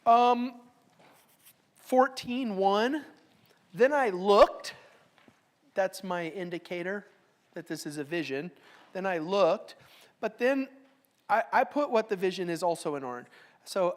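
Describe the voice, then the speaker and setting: A woman's voice: fairly low pitch, lively intonation, unhurried. A middle-aged woman teaching a Bible study class. She reads verses aloud with strong emphasis, then explains them in a casual, joking way.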